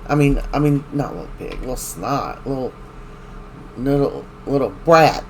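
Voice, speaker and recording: A man's voice: mid-range voice, lively intonation, moderate pace, darkish tone, slight background noise. A man recapping a soap opera in casual chat, rambling and opinionated as he retells scenes.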